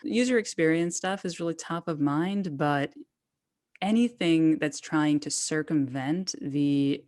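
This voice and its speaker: A woman's voice: low-pitched, unhurried, darkish tone, no echo, clean studio sound. A woman guest on an interview podcast, talking candidly and casually, loose with slang. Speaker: guest, trade journalist.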